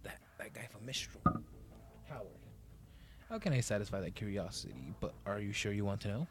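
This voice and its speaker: A man dramatically reading a fan-made visual novel aloud, voicing the protagonist with expressive outbursts and frequent swearing. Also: fairly low pitch, a little fast. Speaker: game reader, voicing the protagonist.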